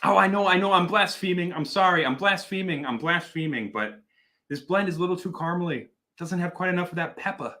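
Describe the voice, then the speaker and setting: A man's voice: high-pitched, a little fast, pushed and bright. A man from Wisconsin hosting a casual whiskey livestream, chatting animatedly and reading out viewer comments, with a self-deprecating streak and casual swearing. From Wisconsin, Milwaukee area. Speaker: whiskey reviewer, livestream host.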